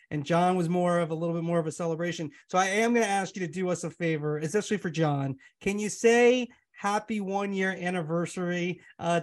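A man with a high voice hosts a podcast in a casual interview style. He asks questions in an upbeat, joking manner and keeps the conversation moving. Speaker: podcast host.

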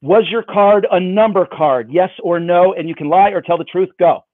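A man's voice: high-pitched, normal speed, dry recording. A man performing magic for someone over a video call, with playful, self-mocking patter. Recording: dry, phone-like band.

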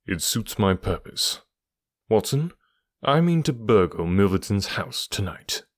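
A man reading as Sherlock Holmes, cool and low. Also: sing-song, no room sound, clean studio sound. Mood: resolute. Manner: measured, dryly assured, low and hushed. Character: calm, cool-headed male detective, middle-aged. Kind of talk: audiobook character reading.

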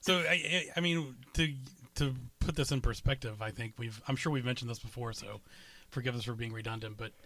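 A man's voice: medium pitch, fairly quick, sharp tone. Chatty laughing male podcast co-host. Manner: chatty, laughs easily, restarts mid-sentence. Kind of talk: casual chat.

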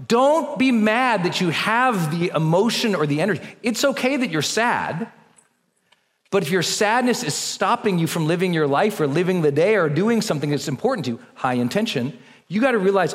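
A man giving an energetic, coaching motivational talk to a live audience and leading them through breathing exercises. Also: high-pitched, moderate pace. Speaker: motivational speaker. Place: large hall with a live audience. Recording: long reverb of a large hall.

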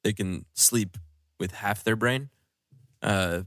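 A man's voice: on the low side, slow pace, a bit bright, no room sound, clean studio sound, faint music behind. A young man co-hosting a casual podcast, explaining drug pharmacology with lots of ums and fillers.

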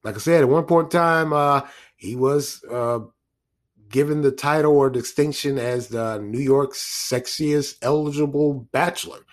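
A man's voice: medium pitch, unhurried. Male commentator, casual news monologue, rambling with asides and chuckles.

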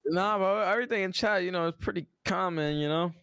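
A man's voice: high voice, brisk, clear, resonant tone. A man co-hosting a podcast, joking in laid-back, slang-heavy trash talk. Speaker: podcast co-host and caster. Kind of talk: casual chat. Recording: loud crowd noise behind.

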